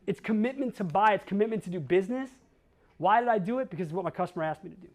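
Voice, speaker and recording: A man's voice: high voice, expressive, racing. A man in his forties from Chicago giving a talk to a crowd, brash and blunt, firing off rhetorical questions and slang. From Chicago, USA. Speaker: conference speaker. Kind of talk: energetic storytelling talk.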